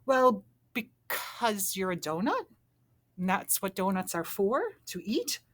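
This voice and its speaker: Lady reading a shy stammery guy in a kids storybook, lively ups and downs. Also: medium pitch, slow, pitched above the performer's own voice, full character voice. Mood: sheepish. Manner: hesitant, stammering. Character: sheepish, stammering middle-aged man.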